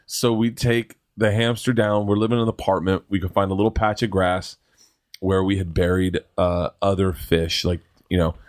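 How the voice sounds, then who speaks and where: A man's voice: deep voice, flat delivery, moderate pace, no echo, studio quality. A middle-aged man, a guest comedian, telling rambling, laughing, profane anecdotes in casual chat. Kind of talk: casual storytelling.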